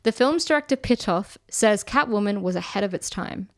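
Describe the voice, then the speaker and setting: A woman's voice: medium pitch, lively intonation, moderate pace, dry recording. A woman co-hosting a casual podcast, reading out trivia and reviews in a dry, amused way. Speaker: podcast co-host.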